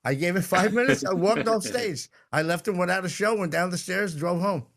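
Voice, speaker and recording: A stand-up comedian chatting casually and telling a story, acting out what people said. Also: male voice, sits high, brisk. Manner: animated anecdote-telling, acts out quoted lines. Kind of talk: casual chat, telling stories.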